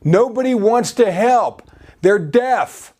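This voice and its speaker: High-voiced man preaching a sermon. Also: expressive, slow pace, darkish tone. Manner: repeats "you see", restarts often.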